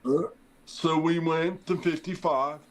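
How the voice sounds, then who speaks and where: This is a low-quality recording of a middle-aged man whose voice sits fairly high and fairly even, and who speaks slowly. A former firefighter guesting on a podcast, he rambles through a long, relaxed story, performing the dialogue and leaning heavily on fillers.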